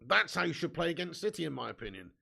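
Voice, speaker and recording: A young man hosts a live football watch-along, reading viewer comments and ranting bluntly about his team's heavy loss. His voice is a little high and sing-song, fast and sharp with vocal fry, and his banter is sweary and frustrated.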